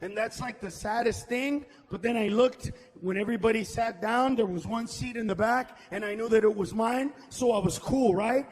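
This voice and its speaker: A man doing a loud stand-up comedy set on stage, shouting his punchlines and slipping Spanish words into his English. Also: very high-pitched, moderate pace, few pauses, big-room sound. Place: comedy stage before a live audience.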